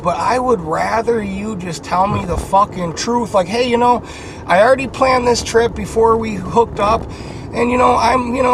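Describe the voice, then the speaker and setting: A high-pitched man tells a candid story about his own life, swearing freely and sighing between his thoughts. He sounds worked up, stumbling through fillers and restarts. Steady noise and vehicle sounds run behind him. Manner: frank, profane and agitated, with many fillers and sighs.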